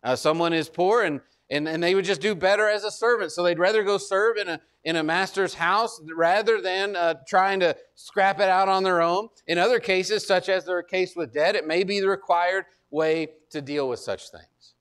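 A man's voice: high-pitched, moderate pace, few pauses, a bit bright, clean tone. A male pastor preaching a conversational sermon, often repeating words and asking listeners whether they remember. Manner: conversational, repeats words, asks congregation to recall.

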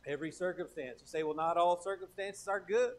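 A man's voice: high-pitched, brisk, a little hiss or hum, poor audio. A man preaching a sermon as pastor, emphatic, repeating key phrases and restarting often.

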